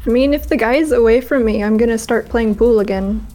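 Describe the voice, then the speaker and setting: A woman's voice: a little high, fairly quick, dark tone, low-quality recording. A woman playing in a tabletop game, casual, playful and scheming. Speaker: player.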